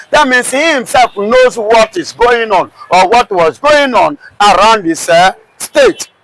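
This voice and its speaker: A man's voice: extremely high pitch, a bit bright, poor audio. A man with a Nigerian English accent giving heated political commentary, firing off repeated rhetorical questions. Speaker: commentator guest.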